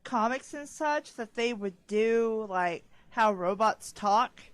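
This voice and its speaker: A woman's voice: a little high, lively intonation, slow, no echo. A woman chatting casually as a co-reader, thinking aloud in a hesitant way. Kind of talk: casual chat.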